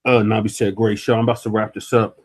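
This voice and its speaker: A man's voice: on the low side, level tone, quick pace, darkish tone, dry recording. A man hosting a livestream, laid-back, mostly answering with brief affirmations before wrapping up the show. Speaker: host. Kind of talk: casual livestream chat.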